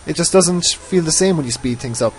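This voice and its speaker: A man's voice: on the high side, expressive, brisk, faint music behind, rough recording. A man giving casual, rambling commentary over his own gameplay, often mocking himself. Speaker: let's play host.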